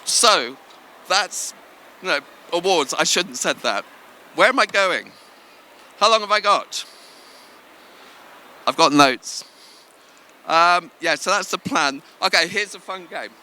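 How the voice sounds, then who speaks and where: A man's voice: high voice, animated, slow pace, pauses often, pushed and bright. A man speaking at a business conference, chatty and self-deprecating, telling anecdotes to the audience. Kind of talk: live conference talk. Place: event venue.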